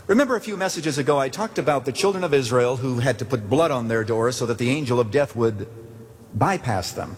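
A man's voice: mid-range voice, expressive, a little fast, slightly rough. A man preaching a sermon from the pulpit, earnest and storytelling, rising to emphatic questions. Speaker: pastor. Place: church sanctuary pulpit. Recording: long hall reverb.

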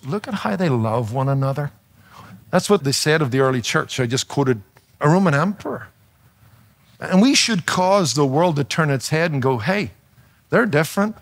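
Male preacher, fairly high voice, noticeable accent, emphatic, rhetorical questions, sermon. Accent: non-native to his audience, noticeable. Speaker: pastor and radio preacher.

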